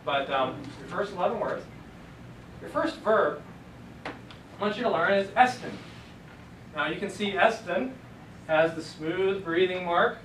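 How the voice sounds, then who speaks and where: A man's voice: high voice, measured pace, long pauses, a bit bright. Jokey male teacher in an echoey classroom. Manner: jokey, encouraging, thinks aloud. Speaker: Greek teacher. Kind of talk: classroom lecture. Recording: echoey room from a distant mic with noise.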